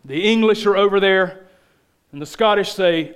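A man with a thick Southern accent preaching a sermon as a pastor, telling stories with animated emphasis. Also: high-pitched, normal speed, smooth.

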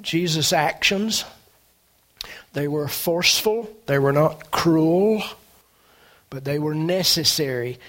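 Guy preaching, big swings up and down, high voice, takes his time. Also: slow pace, pauses often. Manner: animated, dramatic swings in pitch and loudness. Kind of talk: sermon.

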